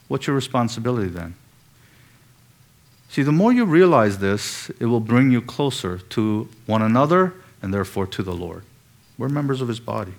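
Male preacher, expository sermon, pointed rhetorical questions, emphatic stress, mid-pitched voice. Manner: rhetorical questions, emphatic rises on key words.

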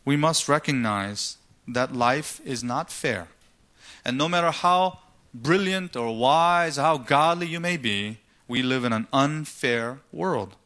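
A man's voice: fairly high pitch, sharp tone. A man preaching a sermon, asking rhetorical questions and retelling scripture stories dramatically. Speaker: pastor.

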